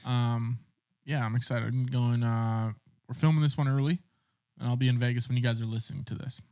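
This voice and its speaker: A man co-hosting a casual podcast, making deadpan jokes. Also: medium pitch, brisk, smooth. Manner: joking, deadpan quips. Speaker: podcast co-host. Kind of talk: casual chat.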